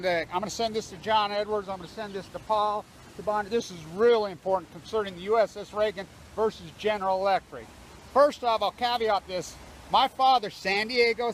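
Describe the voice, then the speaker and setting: A man with a notably high voice delivers a furious, profanity-heavy rant straight to his viewers. He rambles from claim to claim, cursing constantly. A faint hum of background noise sits under his voice. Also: poor audio. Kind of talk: angry profane rant to camera.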